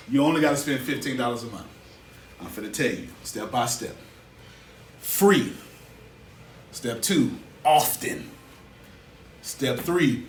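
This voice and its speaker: A man teaching a live seminar as a business coach, energetic and colloquial, drawing call-and-response from his audience. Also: a little high. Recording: echoey room, mic far off, faint hiss.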